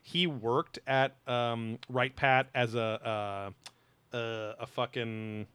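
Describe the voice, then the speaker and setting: Guy cohosting a podcast, swears a lot, animated, mid-pitch, dry close sound. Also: slow, clean tone, dry recording. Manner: profane, animated, mocking impressions. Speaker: podcast co-host. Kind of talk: casual podcast chat.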